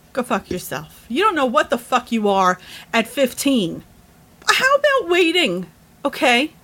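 A woman's voice: high-pitched, big pitch swings, measured pace, pushed and bright. A woman ranting to camera in a heated, profane and emphatic way, worked up and emotional. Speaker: vlogger. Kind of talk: angry rant to camera.

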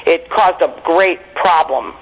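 A woman in her forties, a comedian guest telling stories in a brash, profane, animated way during a casual interview. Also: fairly low pitch, takes it slowly, rough recording.

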